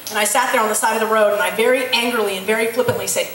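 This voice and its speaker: A woman's voice: a little high, fairly even intonation, rapid-fire, few pauses, fairly bright tone, a little hiss or hum. A woman in her late twenties gives a candid personal testimony in church as a missionary. She tells her story plainly, acts out the dialogue and uses frequent ums. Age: late 20s. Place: large church hall. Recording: echoey hall, heard from far off.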